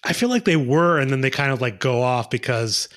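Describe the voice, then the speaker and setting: A man's voice: medium pitch, expressive, a little fast, fairly bright tone. A man co-hosting a podcast, talking through a film in a loose, rambling way with lots of fillers and restarts. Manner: rambling, hedging with many fillers. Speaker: podcast co-host. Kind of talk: casual movie discussion.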